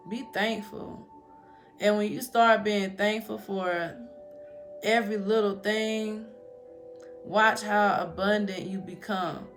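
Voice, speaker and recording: A woman giving a casual motivational talk to her viewers, chatty and storytelling, calling them "y'all". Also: medium pitch. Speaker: spiritual vlogger. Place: home in Colorado.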